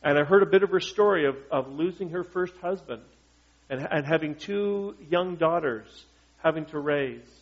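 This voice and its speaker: A man's voice: on the high side, normal speed. A male pastor preaching a sermon in a conversational, joking way and asking his congregation questions. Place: church. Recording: dull lo-fi recording.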